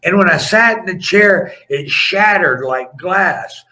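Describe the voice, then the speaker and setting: The former pro wrestler, now middle-aged, recounts his tales as a podcast guest, excitable and digressive, often restarting mid-sentence. Slow-paced, his voice is a touch high for a man with a bright, forceful edge, captured in a low-quality recording.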